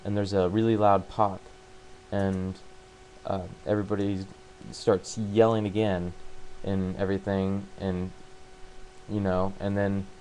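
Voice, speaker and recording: Man, deep-ish voice, monotone, hesitant, lots of ums and restarts, casual plot recap. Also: slight background noise, poor audio. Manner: halting, full of fillers and restarts. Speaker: book summarizer. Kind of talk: casual spoken plot retelling.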